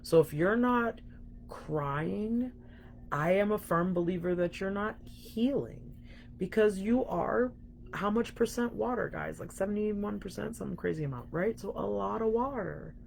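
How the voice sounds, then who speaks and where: A woman's voice: medium pitch, measured pace, creaky, slight background noise. A young woman coaching viewers in a frank, emphatic live-stream talk, swearing casually and calling them guys. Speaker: spiritual coach.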